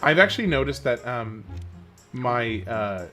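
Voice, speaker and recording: A man's voice: medium pitch, big pitch swings, a little slow, bright, forceful tone, faint music behind. A man from Oklahoma with a Southern accent, streaming a game and chatting casually with his viewers on a headset mic, laid-back and often chuckling. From Oklahoma, USA. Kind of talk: casual live-stream chat while playing.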